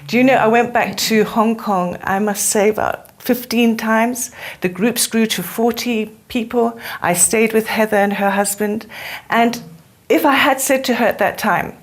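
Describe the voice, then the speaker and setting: In a relaxed interview, a middle-aged spiritual teacher with a speech defect shares stories in an earnest way as the guest. Her voice is a little high, and she speaks at a moderate pace.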